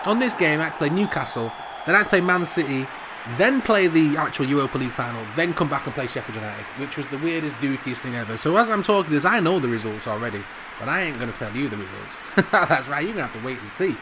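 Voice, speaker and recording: Jamaican male gamer voice, middle-aged, a touch high, excitable play-by-play with a faint hiss behind it. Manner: excitable, laughs often, drawn-out shouts over goals. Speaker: gaming commentator. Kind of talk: casual football game commentary. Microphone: studio microphone.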